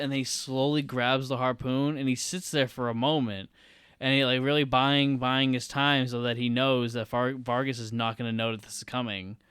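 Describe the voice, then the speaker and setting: A man co-hosting a casual film podcast, excitedly retelling a scene blow by blow and swearing freely. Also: mid-range voice, clean tone, dry recording. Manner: excitable, profane play-by-play retelling. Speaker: podcast co-host.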